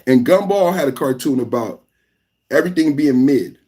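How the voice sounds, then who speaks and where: A podcast host from California, giving live reaction commentary in an emphatic, repetitive rant. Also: male voice, mid-range voice, animated, normal speed, dark tone.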